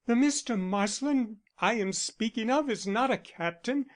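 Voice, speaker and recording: A man's voice: extremely high pitch, a little slow, pitched above the performer's own voice. A man reading the part of a composed young woman who speaks firmly, in an audiobook. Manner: firm, matter-of-fact.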